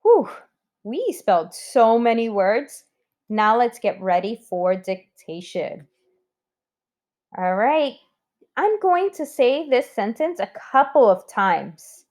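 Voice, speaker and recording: A woman's voice: on the high side, big pitch swings, takes it slowly, darkish tone. A woman teaching a recorded spelling lesson to children, sounding out words letter by letter.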